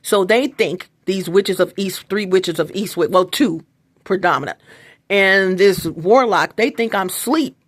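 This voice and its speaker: A woman's voice: medium pitch, a little slow, no echo. Rambling, emphatic woman vlogging. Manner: loose, emphatic and profane, with many restarts and asides. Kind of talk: rambling casual monologue. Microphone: phone.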